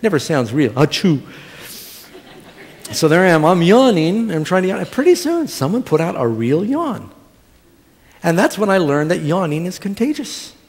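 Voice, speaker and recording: A man's voice: high-pitched, big pitch swings, moderate pace, a little mellow, husky. A middle-aged male pastor preaching a sermon, telling stories with humor and asking the congregation questions. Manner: storytelling with humor and audience questions. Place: church sanctuary. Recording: long church hall reverb.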